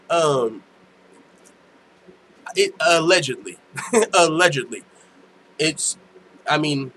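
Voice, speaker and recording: A man's voice: on the high side, a bit bright, slight background noise, rough recording. A young man hosting a casual live stream from home, talking loosely and profanely with frequent laughs. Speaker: host. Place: home room.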